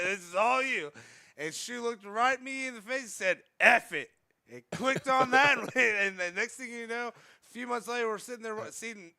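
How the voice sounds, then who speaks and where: A man co-hosting a podcast, chatty and joking, throwing in quick remarks during casual talk. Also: high-pitched, sharp tone, clear, resonant tone. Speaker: podcast co-host. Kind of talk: casual chat.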